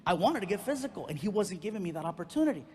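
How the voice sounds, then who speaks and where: A male stand-up comedian telling a personal story on stage, animated and acting out each person in it. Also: high voice, racing. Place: comedy stage in a large venue. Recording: live hall with faint noise.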